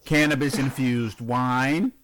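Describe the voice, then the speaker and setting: A man's voice: mid-range voice, fairly even intonation, slow, fairly bright tone. A man co-hosting a casual podcast, reading odd news stories aloud with blunt, teasing remarks and frequent laughter. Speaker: podcast co-host.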